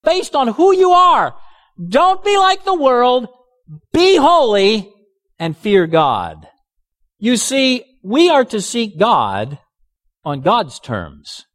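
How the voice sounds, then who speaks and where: A man's voice: high-pitched, a bit bright, big-room sound. A male pastor preaching a sermon emphatically, with sarcastic asides.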